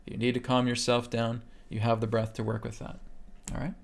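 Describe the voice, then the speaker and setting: A man instructor leading a live webcast lesson, calmly talking listeners through breathing steps and checking in with "okay?" after each point. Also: medium pitch, a little fast, vocal fry. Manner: calm guiding delivery, keeps checking in with "okay?". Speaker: meditation instructor. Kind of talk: live webcast teaching a healing technique.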